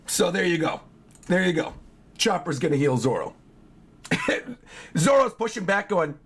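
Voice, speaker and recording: A hoarse man with a fairly high, husky voice reacts live to a new manga chapter for his stream. His pitch swings all over as he gets excited, reading along and thinking aloud to his viewers in an animated, chatty way. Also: measured pace, long pauses. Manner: excitable, chatty, reads along and talks to chat. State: hoarse from yelling the night before.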